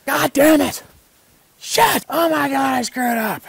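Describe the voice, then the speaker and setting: A man voicing a frustrated male hunter who shouts and curses in anguish at his own mistakes. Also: very high-pitched, a little fast, no echo, pitched above the performer's own voice. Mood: anguished shouting.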